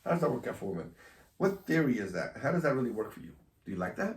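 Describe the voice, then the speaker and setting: A man's voice: mid-range voice, very animated, rapid-fire, recorded from a distance. A man hosting a loose, casual chat, teasing and provocative with frequent laughs. His voice rises and falls a great deal. He sounds set back from the mic in an echoey room. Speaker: host.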